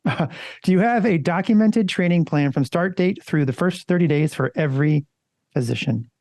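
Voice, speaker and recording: Gravelly man chatting on a podcast. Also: on the high side, normal speed, darkish tone, no room sound. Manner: conversational, loose and swearing. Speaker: podcast co-host. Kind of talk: casual podcast chat.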